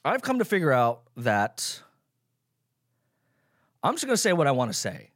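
A man's voice: mid-range voice, huge pitch swings, moderate pace, no echo. A young man hosts his own podcast, talking in a casual, sarcastic and profane way. His voice sits in an ordinary middle range. It is recorded close and dry, with hardly any room sound. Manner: profane, sarcastic, jumps between loud mock outrage and mumbling asides. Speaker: podcast host. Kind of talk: casual solo podcast rant.

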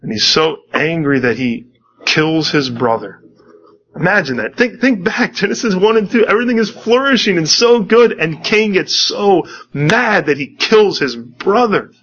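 A man's voice: high voice, normal speed, fairly bright tone, dull audio. A man preaching a sermon, earnestly reading scripture and commenting on it, often repeating words as he restarts.

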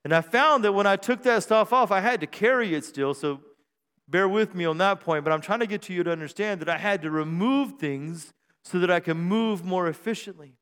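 Middle-aged preacher guy, self-deprecating jokes then shouting praise, smooth resonant voice. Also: high-pitched, brisk. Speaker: pastor. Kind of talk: sermon. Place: church sanctuary. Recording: long hall reverb in a church.

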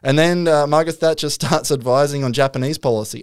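A man's voice: a little high, quick pace, hardly any pauses. A man, co-hosting a casual comedy chat, retelling a story animatedly and laughing often. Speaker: podcast co-host.

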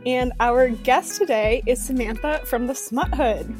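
A woman's voice: on the high side, unhurried, a little mellow, soft background music. A woman hosting a book podcast, chatting casually with lots of fillers and giggles. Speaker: podcast host and romance author. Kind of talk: casual chat.

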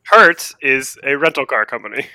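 A man's voice: mid-range voice, lively intonation, normal speed, sharp tone, no room sound, clean studio sound. A man co-hosting a casual podcast chat, cutting in with wry, sarcastic asides. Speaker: podcast co-host.

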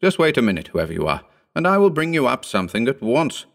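A man voicing a blunt, wary fisherman on a schooner who talks in gruff sailor's speech. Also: mid-range voice, big pitch swings, quick pace, a bit bright, pitched above the performer's own voice.

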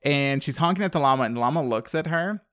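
A man's voice: medium pitch, quick pace, fairly bright tone, no echo, studio quality. Chatty young man recapping a film. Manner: rambling, filler-heavy, laughing often. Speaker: podcast co-host. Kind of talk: casual chat recapping a movie.

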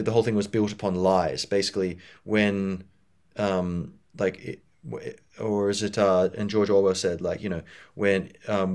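A man with a fairly low voice hosts a solo podcast. He rambles casually, circling his points with frequent fillers and restarts. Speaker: podcast host.

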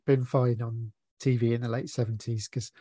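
A man's voice: medium pitch, flat delivery, moderate pace, crowd noise. A man co-hosting a podcast, chatting in an easygoing way and agreeing often. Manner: easygoing, frequent agreeing yeahs. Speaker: podcast co-host. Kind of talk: casual film review chat.

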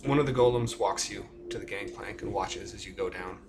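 A man narrating as game master in a relaxed, matter-of-fact way. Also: lowish voice, fairly quick, over music.

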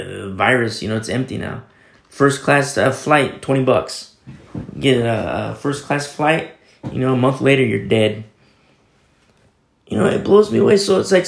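A man's voice: mid-range voice, lively intonation, moderate pace, gravelly, reverberant. A male pastor giving a sermon in a casual storytelling way, reading and quoting scripture as he goes. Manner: conversational, storytelling preaching with scripture quotes.

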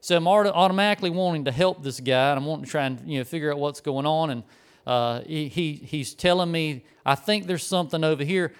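A man's voice: a little high, fast talker, clean tone. A middle-aged man, preaching a conversational, folksy sermon and telling a story. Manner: rambling, folksy, self-correcting.

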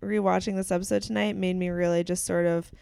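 A woman's voice: on the low side, little pitch movement, fast talker, creaky, darkish tone, smooth, no room sound, clean studio sound. A woman co-hosting a podcast, chatting casually and rambling through questions with lots of fillers. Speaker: podcast co-host. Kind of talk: casual chat.

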